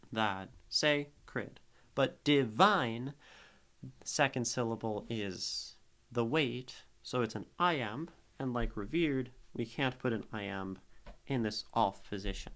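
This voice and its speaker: A young man talks slowly through a poetry critique on a live stream. He thinks out loud in an unhurried way, pausing, doubling back and restarting his thoughts. His voice sits at an ordinary middle pitch. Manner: musing, thinks aloud with restarts.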